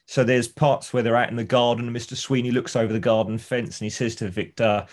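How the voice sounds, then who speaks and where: A man's voice: mid-range voice, level tone, quick pace, few pauses. A man, co-hosting a podcast, chatting casually and enthusiastically retelling TV scenes. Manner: enthusiastic storyteller, acts out scenes. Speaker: podcast co-host. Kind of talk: casual chat.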